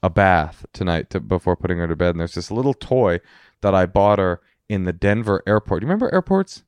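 A man's voice: low voice, big pitch swings, brisk, smooth, no echo. A man co-hosting a podcast as a comedian, rambling through stories with jokey, ironic asides on a close mic. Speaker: podcast co-host, stand-up comedian. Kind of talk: casual comedic chat.

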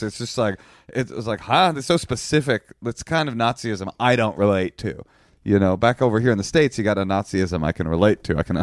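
A man co-hosting a podcast, telling a long story in a rambling, halting way with deadpan jokes. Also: sits low, no room sound, studio quality. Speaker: podcast co-host. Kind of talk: casual storytelling chat.

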